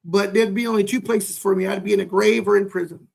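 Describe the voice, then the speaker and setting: Man in his forties, podcast co-host, high and very gravelly voice, earnest and heartfelt. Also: fairly even intonation, quick pace, a crowd in the background. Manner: earnest, repeats words when moved. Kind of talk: heartfelt casual conversation.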